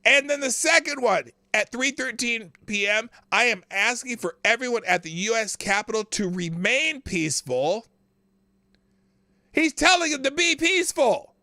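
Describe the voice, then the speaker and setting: A man hosting a live political talk show, reading quotes aloud and reacting with incredulous, animated commentary. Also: very high voice, moderate pace, dry recording, studio quality.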